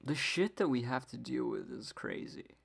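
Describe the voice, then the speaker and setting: A woman's voice: a bass voice, huge pitch swings, moderate pace, creaky, husky. A woman hosting a casual solo podcast, rambling with many fillers and frequent swearing in an exasperated rant. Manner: exasperated ranting. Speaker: podcast host.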